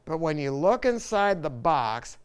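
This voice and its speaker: A man's voice: a little high, big pitch swings, unhurried, clear, resonant tone. A man hosting a casual hi-fi product talk, rambling and enthusiastic, often stopping and restarting his sentences. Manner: rambling, enthusiastic, self-interrupting. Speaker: hi-fi dealer host.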